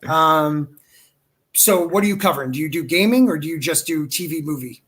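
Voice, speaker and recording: A man's voice: a little high, expressive, normal speed, a bit bright, husky. A man hosting a live podcast, chatting loosely and enthusiastically with his guest, calling him dude and brother. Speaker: podcast host. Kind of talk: casual live-stream chat.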